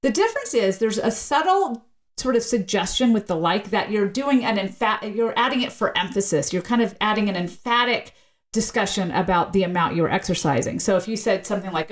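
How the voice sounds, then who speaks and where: Lively woman explaining as a guest. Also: fairly quick. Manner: lively, explanatory, shifting pitch often for emphasis. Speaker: linguist guest explaining her research; university teacher. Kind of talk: casual podcast interview.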